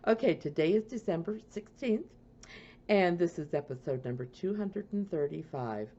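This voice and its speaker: Woman rambling on her home podcast, low warm voice, kinda muffled recording. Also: animated, moderate pace. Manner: rambling and chatty, easily sidetracked. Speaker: podcast host. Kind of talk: casual podcast chat.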